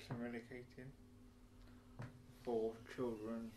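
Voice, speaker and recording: A man vlogging to camera, his speech slurred, slow and halting with restarts. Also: mid-range voice, flat delivery, noisy background. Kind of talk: casual talking to camera.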